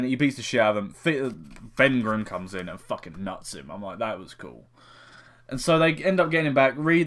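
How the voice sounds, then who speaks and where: A man's voice: medium pitch, fairly bright tone. A young man giving a casual spoken film review, rambling and swearing heavily with frequent restarts.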